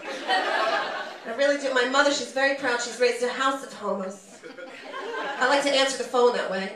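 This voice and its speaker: A woman with a New York accent performing a stand-up comedy set on a club stage, talking loud, brash and animated, swearing freely. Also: on the high side, moderate pace, pauses often. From New York, USA. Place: large comedy club stage, audience laughing. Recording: echoey room, from far off, noisy.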